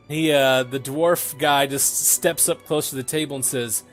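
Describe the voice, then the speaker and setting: A man's voice: fairly high pitch, fairly even intonation, moderate pace, few pauses, faint music behind. Casual young male game master. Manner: casual, laughing, lots of fillers. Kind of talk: narrating a tabletop game.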